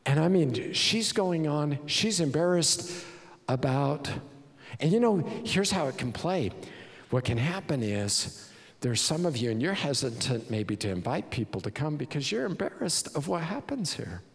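A man preaching a sermon as pastor, emphatic and animated, with many rhetorical questions. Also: fairly high pitch, measured pace, vocal fry, big-room sound.

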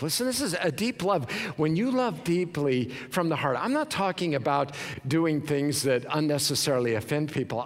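A male pastor preaching a sermon in a large church, emphatic and repeating words for stress. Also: fairly high pitch. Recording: reverberant hall.

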